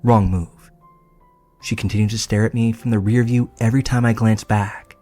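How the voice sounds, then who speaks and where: A man reading a first-person horror story aloud in a measured storytelling manner, with casual cursing. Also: fairly low pitch, steady tone, mellow. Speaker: narrator. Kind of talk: scripted horror story narration. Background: faint music.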